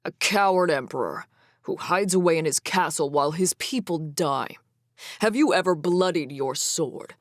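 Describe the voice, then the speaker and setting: A woman's voice: sits low, normal speed, no room sound, studio quality, natural voice. A woman voicing a proud male Fae king who spits out furious, formal accusations in an audiobook fantasy reading. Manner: spitting, fierce.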